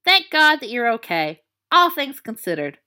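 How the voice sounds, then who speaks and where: Woman voicing sick teenage boy, fussy, arch, dry wit, lively. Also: a little high, normal speed, exaggerated voice.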